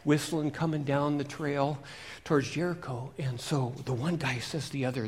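A male preacher telling a Bible story in a lively, interactive way, asking his listeners questions as he goes. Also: a little high, moderate pace, a little hiss or hum. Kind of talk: storytelling sermon.

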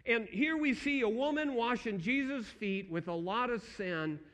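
A man giving an earnest personal testimony sermon, dropping to a hushed tone when he quotes his own thoughts. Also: very high-pitched, expressive, normal speed, low-quality recording.

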